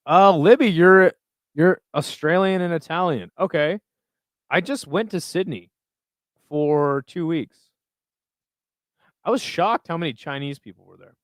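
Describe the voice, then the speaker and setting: A young man with a fairly high voice hosts a live stream, speaking a bit slowly with frequent pauses in a dry recording. He chats casually and reads viewer comments aloud, rambling and swearing loosely.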